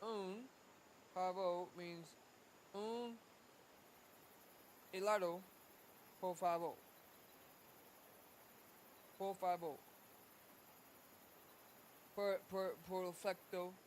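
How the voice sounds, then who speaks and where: A man's voice: sits high, fairly even intonation, extremely slow, pauses often, darkish tone, a little hiss or hum. A man streaming casually while practicing a language app, sounding out words again and again and getting easily frustrated with himself. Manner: sounds out foreign words over and over, talking to himself; easily frustrated, self-deprecating.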